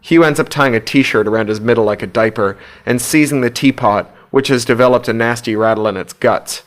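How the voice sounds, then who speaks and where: A man narrating an audiobook in a steady, low-key storytelling voice. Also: fairly quick. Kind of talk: scripted narration.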